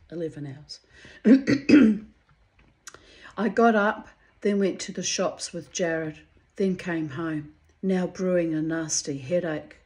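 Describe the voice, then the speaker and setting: A woman with a lowish voice reads her old diary entries out loud to her viewers, taking her time over each line. She is candid and chatty between entries, swears freely and clears her throat often. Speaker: vlogger reading her old writings to viewers. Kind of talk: reading diary entries aloud with chatty asides.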